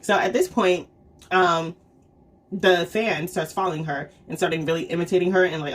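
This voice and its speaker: A chatty woman talks through a comic review in a husky, slightly low voice. She rambles with plenty of fillers and little check-ins, laughing often as she acts out the characters' lines. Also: normal speed. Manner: chatty storytelling full of "um", "like" and "right?". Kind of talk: casual review vlog.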